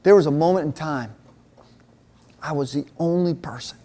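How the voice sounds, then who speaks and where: Male preacher with a high voice, casual and animated, telling stories to a room of men. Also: moderate pace. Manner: animated, chatty storyteller who drops to a hushed voice. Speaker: men's ministry speaker. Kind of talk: storytelling sermon to a men's group. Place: meeting room with a live audience.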